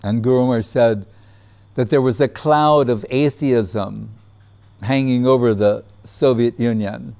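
A man telling a personal memory in casual storytelling, relaxed, laughing often and acting out what others said. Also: mid-range voice, unhurried, creaky.

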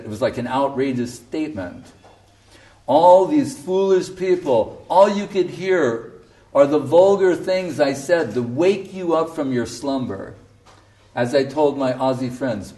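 A man's voice: medium pitch, mellow, distant mic. A man preaching as a spiritual teacher, emphatic and storytelling. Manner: emphatic, storytelling, often laughing. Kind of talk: sermon.

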